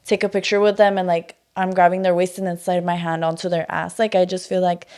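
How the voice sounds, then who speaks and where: A woman's voice: lowish voice, little pitch movement, a little fast, a little mellow, smooth. A young woman co-hosting a podcast, talking frankly in casual chat full of "like". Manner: frank, filler-heavy, reacts with gasps. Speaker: podcast co-host.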